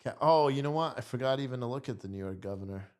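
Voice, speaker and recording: A man's voice: medium pitch, quick pace, darkish tone, clean tone. A tired man hosting a live stream, rambling through casual commentary and swearing freely. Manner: rambling and profane.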